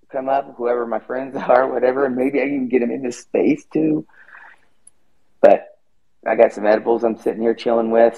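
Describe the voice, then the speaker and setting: A man's voice: mid-range voice, muffled recording. A man hosting a podcast, chatting casually and rambling, swearing freely. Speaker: podcast host. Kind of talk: casual chat.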